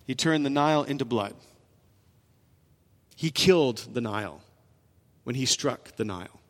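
A man preaching a sermon, with emphatic rises and soft drops in his delivery. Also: medium pitch, expressive, unhurried. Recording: long reverb in a large hall.

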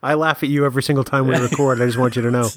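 A man's voice: medium pitch, fairly even intonation, very fast, no room sound. A man co-hosting a podcast in casual chat, with dry, teasing banter. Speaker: podcast co-host.

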